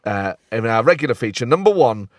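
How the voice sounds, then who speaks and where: A man's voice: mid-range voice, sing-song, fairly quick, dry recording. A man with an English accent hosting a football podcast, chatty and playful, reading listener jokes aloud. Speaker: podcast host. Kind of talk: casual podcast chat.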